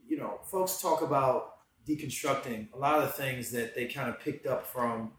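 A man talking casually about faith in slangy speech, dropping into hushed reflection and then rising into excited preaching. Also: mid-range voice, normal speed. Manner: casual slang, calls listener bro. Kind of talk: casual faith podcast chat. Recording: echoey room, distant from mic, faint background noise.

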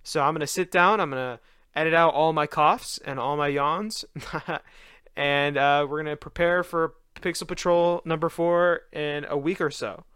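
A man's voice: a little high, steady tone, moderate pace, fairly bright tone, clear, resonant tone, dry recording, clean studio sound. Tired young man rambling on a podcast. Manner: casual, loose, with many fillers and restarts. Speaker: podcast host.

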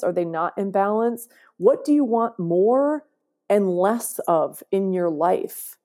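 Mellow-voiced woman talking earnestly. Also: mid-range voice. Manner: earnest, emphatic, often asks "right?". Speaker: podcast guest. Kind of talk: conversational interview.

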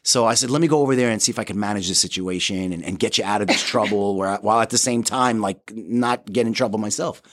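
A man's voice: lowish voice, fast, few pauses, a bit bright. A man co-hosting a casual podcast, telling rambling, self-mocking stories. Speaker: podcast co-host in recovery. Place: Florida.

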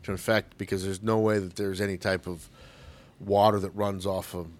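A man's voice: sits low, little pitch movement, normal speed. A man co-hosting a podcast, chatting casually, sarcastic and profane, often laughing. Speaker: podcast co-host. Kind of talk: casual chat.

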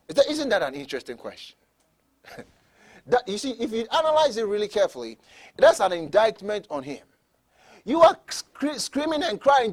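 A man with a high voice preaches in a lively, swooping way. He repeats words for emphasis and pushes up to shouted peaks, then drops back. His delivery is that of a pastor working the congregation. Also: moderate pace. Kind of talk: sermon.

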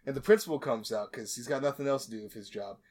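A man in the host's chair walks his co-hosts through a movie's plot, loose and chatty. He jokes as he goes, trips over his words and circles back with little asides. His voice sits at an ordinary middle pitch for a man. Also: fast talker, a little mellow. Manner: joking, rambling, many asides and restarts. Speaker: podcast host. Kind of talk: casual comedic movie recap.

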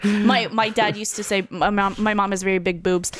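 A woman's voice: medium pitch, level tone, moderate pace, no echo. Blunt, joking young woman comedian. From Russia. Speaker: comedian guest. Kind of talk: casual podcast chat.

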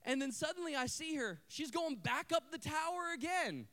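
Male preacher, sermon storyteller, high voice with a very animated, expressive delivery. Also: normal speed. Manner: dramatic storytelling, swings from hushed to loud. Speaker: pastor.

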